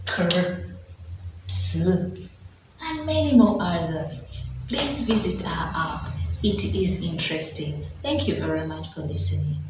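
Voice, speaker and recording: A Ugandan woman teaching phonics to small children speaks at a very slow, careful pace. She draws out each letter sound. Her voice comes from some distance in a very echoey room with faint background noise. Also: on the low side. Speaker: preschool teacher. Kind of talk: phonics lesson for young children.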